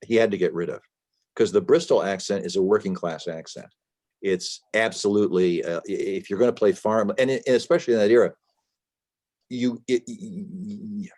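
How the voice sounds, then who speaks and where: A deep-voiced man speaks as a guest author on a video call. He explains at length and leans hard on key words, often restarting and padding with "uh". His low voice gives the answers a steady weight. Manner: discursive, emphatic, many restarts and fillers. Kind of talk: conversational interview answers.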